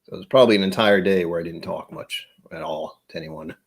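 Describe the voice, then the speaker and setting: A man's voice: sits low, fast. A man hosting a casual livestream, rambling and chatty with frequent laughs, his voice a bit tired. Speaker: livestream host.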